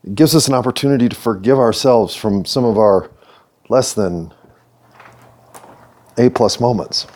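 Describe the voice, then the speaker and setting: Unhurried and a bit mellow, this medium-pitched man pauses often as he speaks. He's a middle-aged American hosting his own video series, delivering a thoughtful monologue to camera with playful touches.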